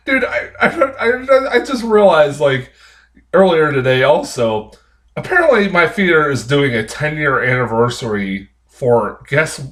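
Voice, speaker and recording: A man's voice: on the high side, fairly bright tone. A man giving a casual spoken movie review, ranting in an exasperated, profane way with frequent laughs and rambling restarts. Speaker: film reviewer.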